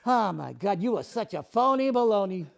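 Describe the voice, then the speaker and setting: A man's voice: sits high, big pitch swings, moderate pace, gravelly, pitched below the performer's own voice, heavily acted. A man voicing a bitter, raging male ventriloquist dummy that sneers, mocks and bursts into fury. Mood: mocking. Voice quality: sneering, mocking, explosive outbursts. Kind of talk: solo ventriloquist-style performance.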